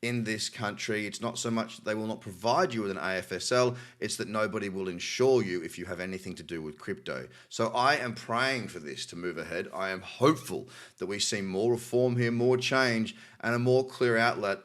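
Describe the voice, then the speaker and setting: A man's voice: lowish voice, moderate pace, few pauses, a bit bright. A man with an Australian accent hosting a crypto news show, reading articles aloud and adding cynical, chatty asides. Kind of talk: casual news commentary.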